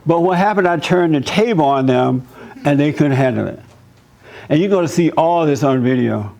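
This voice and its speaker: A man giving a church talk as pastor, telling stories in an animated, preachy way. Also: on the high side, moderate pace, gravelly.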